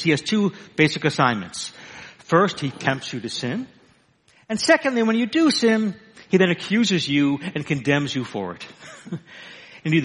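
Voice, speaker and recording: A male pastor preaching a sermon, swinging from loud, emphatic bursts to hushed, quiet lines. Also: fairly high pitch, husky. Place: church sanctuary. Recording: long hall reverb.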